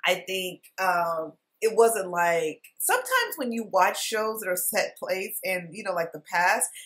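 A woman's voice: mid-range voice, big pitch swings, measured pace, a bit bright. A woman hosting a casual vlog, reviewing a TV series in a rambling, chatty way full of fillers. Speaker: TV show reviewer, channel host.

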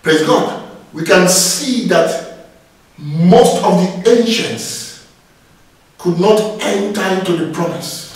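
A man's voice: high voice, darkish tone, very echoey, recorded from a distance, low-quality recording. A man preaching a sermon, exhorting his listeners and often breaking in with praise. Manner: exhorting, repeats phrases with "Praise God".

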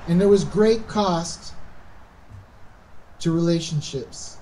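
Animated male pastor preaching from afar. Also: sits high, unhurried, pauses often, far from the mic, a little hiss or hum, poor audio. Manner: animated, acts out quoted voices, emphatic rises. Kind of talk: sermon. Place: church.

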